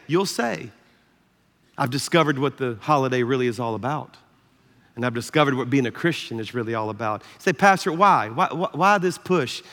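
A Southern American pastor preaching in a long, echoing hall, his voice pitched high for a man and bright in tone. He tells a story with animated, self-deprecating humor and laughs often. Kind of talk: sermon with a storytelling anecdote. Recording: echoey hall reverb.

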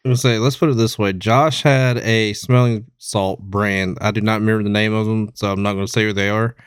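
A man's voice: lowish voice, steady tone, brisk, smooth, no room sound, studio quality. A man co-hosting a casual podcast, chatty and telling stories with blunt humor. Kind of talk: casual interview chat.

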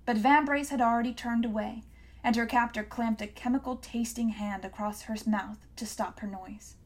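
A woman narrating an audiobook in a measured, hushed reading voice. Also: a little high, fairly even intonation. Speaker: audiobook reader. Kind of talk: scripted narration.

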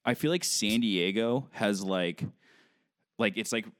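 A man's voice: fairly low pitch, measured pace, no echo, clean studio sound. A man from Southern California chatting casually as co-host, rambling with lots of "like" and beach slang. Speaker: podcast co-host. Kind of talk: casual chat.

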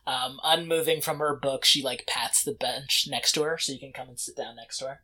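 Bright-voiced, laughing game master. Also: mid-range voice, fairly even intonation, a little fast. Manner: laughing, easygoing, with many fillers. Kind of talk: narrating a tabletop role-playing game.

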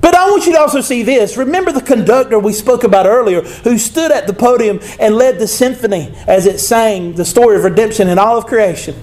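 A man with a high voice preaching a sermon. He speaks emphatically and conversationally, breaking off into asides and calling out to the people in front of him. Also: brisk, few pauses, darkish tone. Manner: emphatic, conversational, with frequent asides and call-outs to the congregation. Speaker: pastor.

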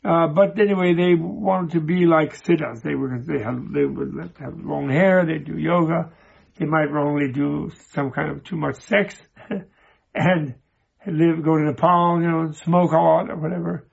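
A man with a very gravelly, husky voice and a slightly raised pitch gives an informal spiritual teaching. He talks haltingly, doubling back on his words as he tells old stories. The recording sounds dull and lo-fi. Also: steady tone. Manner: halting, repeats and restarts words, digressive. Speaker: Buddhist teacher. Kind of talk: informal spoken teaching with storytelling.

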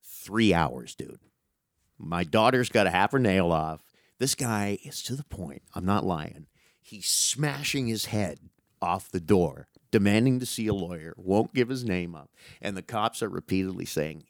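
A middle-aged man with a fairly low voice spins an animated, salty story, tossing in "dude" as he goes. The sound is dry and close, with no room around it. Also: moderate pace, no room sound. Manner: animated, profane, calls listener dude. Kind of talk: casual storytelling chat.

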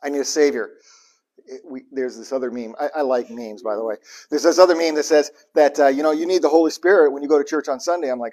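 A man's voice: on the high side, fast talker, darkish tone. Irreverent joking male preacher. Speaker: pastor. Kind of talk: sermon.

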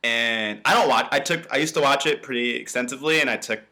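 Speaking fast in a medium-pitched voice, this young male podcast co-host keeps things casual. His storytelling is lively, and he performs the quoted lines from the scenes he recounts.

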